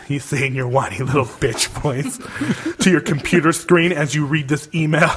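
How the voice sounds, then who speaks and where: A man's voice: on the high side, animated, normal speed, fairly bright tone, breathy edge. A young man on a casual podcast, reading an email aloud with mock outrage and breaking into laughter between lines. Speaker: podcast co-host.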